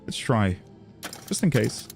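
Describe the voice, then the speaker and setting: A man streams a video game, chatting casually and reflectively with viewers and thanking them as he plays. His mid-range voice is gravelly and darkish, slow, with big pitch swings, over soft background music.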